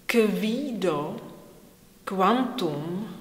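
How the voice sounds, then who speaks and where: A woman with a Czech accent, a native Czech speaker, teaching pronunciation slowly and carefully, demonstrating each sound. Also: on the low side, fairly even intonation. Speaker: language teacher. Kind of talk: pronunciation lesson. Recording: roomy hall reverb.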